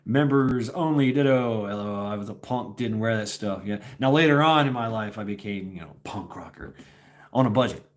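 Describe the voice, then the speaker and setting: Guy just rambling casual on a stream, lots of restarts and chuckles, pitch bounces around. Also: expressive, normal speed, fairly bright tone. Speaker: host. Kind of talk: casual livestream chat.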